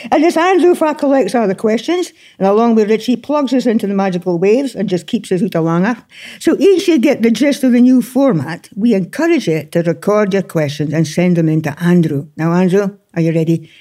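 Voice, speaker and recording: A woman's voice: medium pitch, expressive, brisk, warm tone. A Scottish woman hosting a gardening radio show, chatting in a bubbly, teasing way. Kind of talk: casual radio chat.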